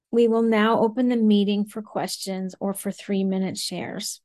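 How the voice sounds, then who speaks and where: A woman's voice: medium pitch, steady tone, moderate pace, few pauses, darkish tone, no room sound. A woman chairing a support meeting over a video call, politely reading out the guidelines. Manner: orderly, polite.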